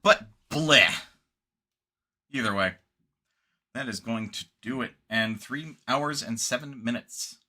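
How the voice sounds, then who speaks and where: A man's voice: mid-range voice, slow pace, pauses often, sharp tone. A man streaming games, wrapping up in casual rambling chat, tired and yawning late at night. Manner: rambling, laid-back, sleepy.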